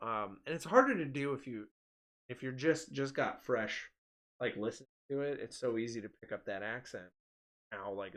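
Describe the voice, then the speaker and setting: A man co-hosting a podcast, chatting casually and laughing often as he tells stories and slips into voices. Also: mid-range voice. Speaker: podcast co-host. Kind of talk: casual chat.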